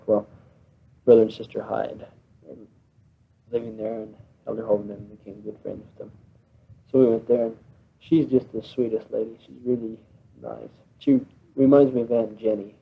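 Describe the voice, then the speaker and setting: A man's voice: on the low side, creaky, breathy edge. A young American man on a mission abroad, chatting on a tape letter to his family at home, laughing often and sounding homesick. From United States. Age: young adult. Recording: lo-fi 1960s home tape, phone-like band.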